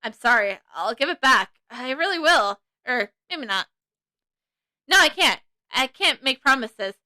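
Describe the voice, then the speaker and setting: A woman's voice: high voice, lively intonation, unhurried, sharp tone, no echo, exaggerated voice. A woman voicing a timid, weepy grown-man thief who stammers and keeps taking back what he says, in a fan reading of a video game. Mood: anxious. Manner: stammering, constantly backtracking.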